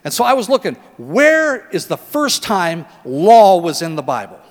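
Animated preaching man in a reverberant hall. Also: high-pitched, unhurried. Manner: animated, conversational preaching with rhetorical questions. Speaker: pastor. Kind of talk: sermon.

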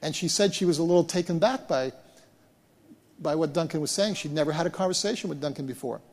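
Man, pastor, animated storytelling sermon, stumbles and repeats words, higher voice. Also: fast. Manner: animated, repeats and restarts words while retelling events. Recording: long hall reverb.

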